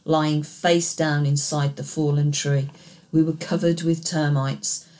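A woman with a low, deep voice narrates a thriller in the first person. Her reading is steady and measured, paced for an audiobook.

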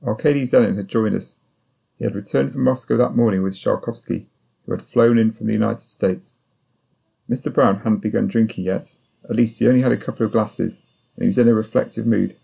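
Low gravelly guy reading an audiobook, dark husky tone, steady and sombre. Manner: measured, sombre first-person storytelling. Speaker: narrator. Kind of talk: audiobook narration.

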